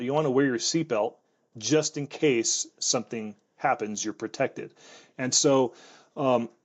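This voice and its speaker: With a medium-pitched voice and the highs cut off in the recording, a man who fights wildfires tells stories from his past in an interview. His speech halts and restarts frequently, with words repeated as he gathers his thoughts.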